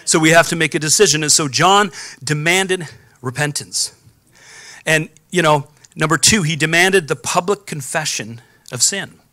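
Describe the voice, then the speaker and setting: Bright-voiced man preaching a sermon. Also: fairly high pitch, normal speed, no echo. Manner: calls out to the congregation for responses. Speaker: pastor. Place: church sanctuary.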